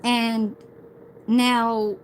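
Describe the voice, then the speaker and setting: A woman's voice: on the high side, little pitch movement, extremely slow, slight background noise, poor audio. Rambling foul-mouthed woman livestreaming. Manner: heavy swearing, rambling storytelling. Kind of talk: casual livestream rant.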